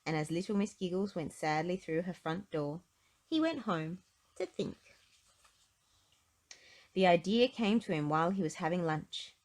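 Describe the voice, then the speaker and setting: A woman reading a children's storybook aloud in an expressive, gentle way. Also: on the low side, measured pace, pauses often. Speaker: storybook reader.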